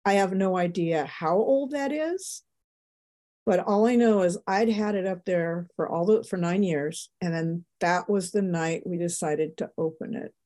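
An older woman, a show guest, giving an emotional, animated personal testimony. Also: lowish voice, unhurried.

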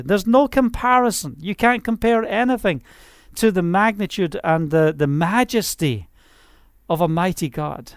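A man's voice: sits high, a little slow, clear, resonant tone, dry recording, studio quality. A man preaching an informal online sermon, rambling and conversational, with many fillers and restarts.

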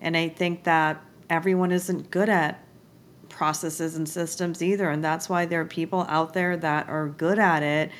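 A woman's voice: low voice, steady tone, normal speed, a little hiss or hum. A woman hosting a podcast, chatting and asking her guest questions in a friendly, conversational way. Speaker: podcast host. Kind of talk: casual interview chat.

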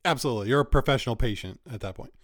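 A man's voice: medium pitch, rapid-fire, a bit bright, dry recording. Man hosting, dry close sound. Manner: short encouraging replies. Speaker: podcast host. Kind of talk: casual interview chat.

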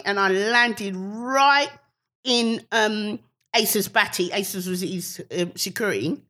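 Animated woman comedian storytelling. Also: slow. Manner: animated storyteller, acts out quotes with big pitch jumps. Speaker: comedian guest. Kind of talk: casual podcast chat.

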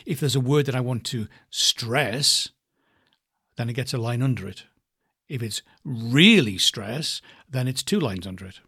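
A man with a husky, slightly breathy voice talks through a voice exercise. He speaks slowly and thoughtfully, stretching phrases and shifting the stress between words to show how the meaning changes. His pitch sits in an ordinary middle range. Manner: slow, thoughtful, varies stress for demonstration. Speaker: voice coach. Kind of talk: reflective spoken lesson.

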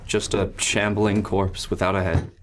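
A man running a tabletop role-playing game as game master, narrating in a relaxed way with many fillers. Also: deep voice, unhurried, background noise.

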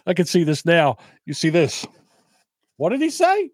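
A man's voice: on the high side, huge pitch swings, moderate pace, no room sound, clean studio sound. Blunt joking male podcast co-host. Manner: blunt, joking, rambling with restarts. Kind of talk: casual political chat.

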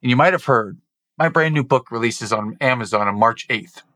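A man's voice: medium pitch, moderate pace, bright, forceful tone, no room sound. A man from the United States hosting a podcast, upbeat and effusive as he reads an ad and welcomes his guest. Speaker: podcast host.

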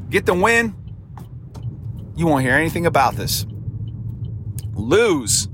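A man's voice: a little high, a bit bright, slight background noise. A man hosting a sports podcast on his own, his voice strained and damaged, talking in an emphatic, preachy way and repeating words for punch. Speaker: podcast host. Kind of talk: sports commentary podcast monologue.

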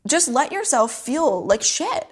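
A woman's voice: sits high, big pitch swings, measured pace. A young woman in casual conversation, laughing often, saying "like" constantly and swearing offhandedly. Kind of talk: casual chat.

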